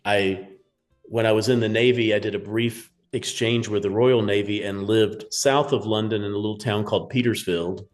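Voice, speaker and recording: Low-voiced guy, interview guest, talks soft and thoughtful, little music behind. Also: steady tone, moderate pace. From New Mexico, USA. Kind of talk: casual interview chat.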